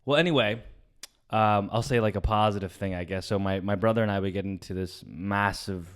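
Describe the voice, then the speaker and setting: A young adult man co-hosting a comedy podcast, telling a family story in casual chat, swearing often and trailing off softly. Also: lowish voice, a little fast, clean tone. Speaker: podcast co-host.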